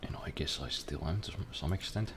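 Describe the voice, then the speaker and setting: A young man with a very deep voice streams a game from his computer desk, chatting casually in a rambling, profane, self-deprecating way. He talks briskly over background noise.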